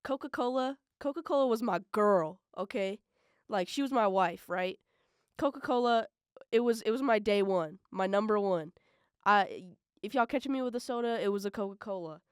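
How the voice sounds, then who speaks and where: A young woman hosting a college radio podcast, chatting casually and rambling with lots of fillers, swinging between loud bursts and mumbled asides. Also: mid-range voice, moderate pace, smooth, no echo, clean studio sound. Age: young adult. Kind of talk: casual solo podcast chat.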